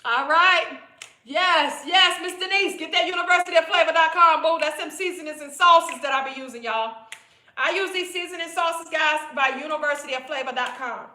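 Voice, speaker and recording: High bright lady coach talkin direct to her viewers, echoey room. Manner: direct, chatty, repetitive, calls viewers "boo". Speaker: weight-loss coach hosting a live stream. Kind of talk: casual live-stream sales pitch. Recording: roomy echo.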